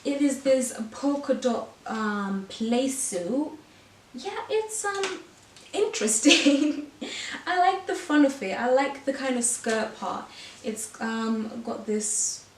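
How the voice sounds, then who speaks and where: A woman's voice: a little high, a little mellow, a little hiss or hum. A woman vlogger trying on clothes and chatting casually, bubbly and giggly, a little out of breath. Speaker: fashion vlogger. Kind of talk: casual haul try-on chat. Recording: echoey room, voice from a distance.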